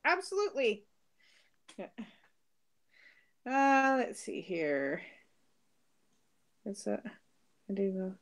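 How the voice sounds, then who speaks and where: A middle-aged British-born woman without the accent, co-hosting a casual live stream, chatting and laughing as she answers viewer comments. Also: a little high. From Britain. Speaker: co-host reading viewer comments.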